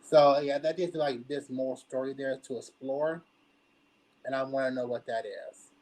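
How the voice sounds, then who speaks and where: A man's voice: mid-range voice, steady tone, unhurried, darkish tone, poor audio. Casual man thinking aloud. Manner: loose, with many fillers. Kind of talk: casual discussion.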